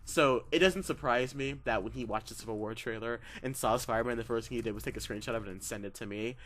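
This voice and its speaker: A young man co-hosting a podcast, chatting casually and excitably, often laughing and acting out quotes. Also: mid-range voice, quick pace, slight background noise. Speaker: podcast co-host. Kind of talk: casual chat.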